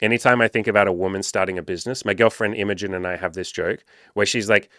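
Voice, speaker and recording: A man's voice: fairly low pitch, steady tone, fast talker, hardly any pauses, sharp tone, no echo, clean studio sound. A young man talking casually on a podcast, reading an article aloud and commenting on it in an emphatic, profane way, sometimes acting out what he would say. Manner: emphatic, profane, puts on voices when quoting himself. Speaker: podcast host and dating coach.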